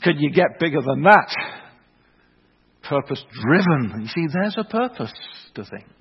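A man's voice: on the high side, sing-song, normal speed, slightly rough. A middle-aged man, preaching a sermon in a wry, self-deprecating storytelling manner that builds into earnest proclamation. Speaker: preacher, former theological college principal. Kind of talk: sermon with humorous anecdote. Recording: reverberant hall, slightly muffled sound.

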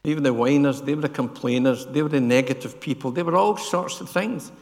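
An older man preaches a sermon in a church, his mid-range voice moving a little fast with a big-room sound. He keeps asking the congregation questions and tags lines with "yeah?"

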